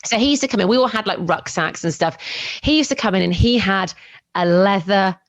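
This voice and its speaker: A woman from Herefordshire co-hosting a podcast, telling stories in casual chat and laughing often. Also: medium pitch. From England, Herefordshire. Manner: chatty storyteller, quick to laugh. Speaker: podcast co-host.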